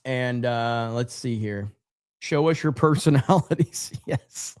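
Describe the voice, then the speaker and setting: A man's voice: medium pitch, takes it slowly, darkish tone, clear, resonant tone, no room sound, clean studio sound. Loose, profane male livestream host. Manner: loose, profane, rambling with frequent fillers and laughs. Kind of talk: casual livestream chat reading viewer comments.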